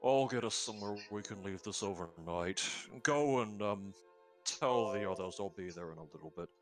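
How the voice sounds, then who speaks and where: A man voicing a weary, laconic male adventurer in a tabletop game, muttering flatly. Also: on the low side, normal speed, music in the background, pitched below the performer's own voice, close to an everyday voice. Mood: gruff.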